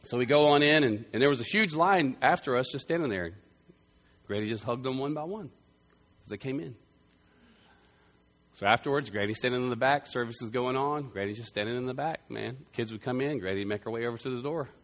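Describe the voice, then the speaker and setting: A man preaching a sermon, telling a story with loud bursts that drop to quiet, earnest passages. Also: medium pitch, a little fast. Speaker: pastor.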